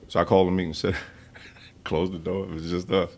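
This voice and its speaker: A man in his fifties chats on a podcast with a low, gravelly voice. He tells stories bluntly and swears freely, calling things as he sees them. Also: little pitch movement, fairly quick, darkish tone. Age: 50s. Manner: blunt, profane storytelling. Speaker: podcast host. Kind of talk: casual podcast chat.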